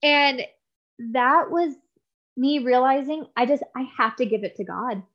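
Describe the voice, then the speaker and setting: A woman guest speaks earnestly and from the heart, often breaking off and restarting her sentences. Her voice sits fairly high. The sound is dull and lo-fi. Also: a little slow, fairly bright tone. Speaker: podcast guest. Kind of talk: conversational interview.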